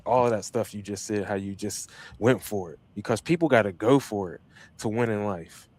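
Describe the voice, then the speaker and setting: A man's voice: on the low side, moderate pace, a little mellow, no echo. A man hosting a podcast, talking in a hyped, slangy, motivational way and often repeating himself. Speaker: podcast host. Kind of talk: casual motivational chat.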